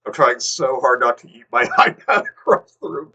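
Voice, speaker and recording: A man's voice: mid-range voice, animated, normal speed, gravelly, sharp tone, low-quality recording. A man hosting a livestream, reading a fanfic aloud, exasperated and swearing as he goes. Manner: exasperated, swearing, breaking into laughter. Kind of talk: live comedic dramatic reading.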